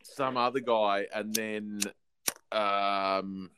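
A man's voice: lowish voice, normal speed, noisy background. A man with an Australian accent, co-hosting a podcast in casual, profane chat. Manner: animated, swearing, laughing. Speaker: podcast co-host.

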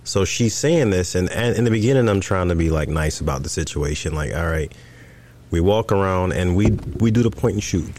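A man's voice: low voice, a little fast. A man co-hosting a podcast, telling a story in casual chat and acting out what was said. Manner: animated storyteller, acts out quoted dialogue. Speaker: podcast co-host.

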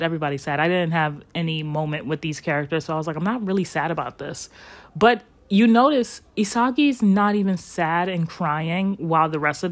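A woman hosting a podcast, recapping an anime episode in a rambling, chatty way with lots of fillers and some swearing. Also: deep voice. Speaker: podcast host.

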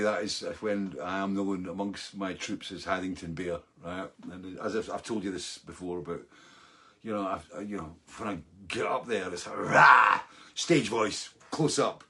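Husky-voiced man telling a rambling tale. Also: lowish voice. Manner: rambling, self-mocking, laughs through the story, fillers like right. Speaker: storyteller. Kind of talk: casual anecdote to camera.

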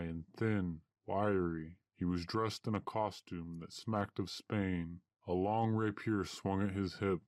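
A man narrating a story in a measured, old-fashioned storytelling manner. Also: sits low, darkish tone, no room sound.

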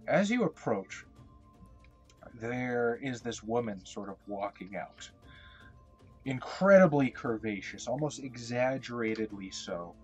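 A man running a tabletop game as game master, narrating casually and rambling a little. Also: medium pitch. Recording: faint background music.

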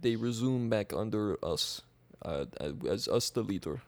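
A man's voice: lowish voice, lively intonation, a little slow, no room sound. A young man putting on a Russian accent to play a boastful, stubborn male Russian leader in improvised comedy. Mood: smug. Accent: put-on Russian. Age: young adult.

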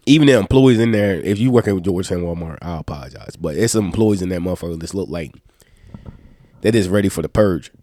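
A sick man with a stuffed-up nose hosts a casual podcast chat with a fairly low voice. He tells loose, profane, animated stories, and the recording sounds close and dry. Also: quick pace, no room sound. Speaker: podcast host.

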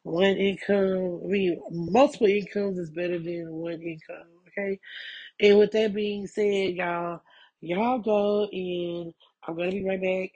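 A woman's voice: on the low side, steady tone, a little slow, mellow, slightly rough, highs cut off. A woman, recovering from a cold, talking casually and frankly as a podcast host, rambling and repeating herself. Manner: rambling and frank, repeats herself, keeps asking "you know what I'm saying". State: getting over a cold. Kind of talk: casual personal update monologue.

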